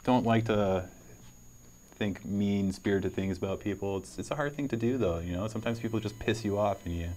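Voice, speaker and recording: A man hosts a casual student show in an easygoing, joking way. His voice sits very low, and a faint hum runs under the recording. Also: a little fast, darkish tone. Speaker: show host. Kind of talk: casual live show hosting.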